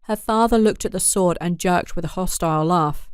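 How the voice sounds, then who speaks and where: Clear, dry-voiced woman narrating a story. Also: on the low side, normal speed, hardly any pauses, dry recording. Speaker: audiobook narrator. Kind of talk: scripted narration.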